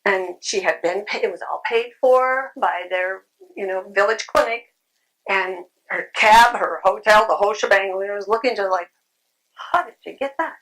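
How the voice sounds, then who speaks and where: A woman's voice: mid-range voice, moderate pace, fairly bright tone, low-quality recording. Woman speaking at a convention. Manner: conversational, repeats phrases, frequent ums. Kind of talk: conference talk. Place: convention room.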